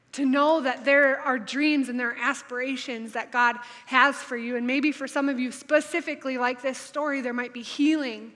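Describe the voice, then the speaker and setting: Upbeat woman pastor, high bright voice, church sermon in a reverberant hall. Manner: upbeat, chatty, reads scripture with lively emphasis. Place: church sanctuary.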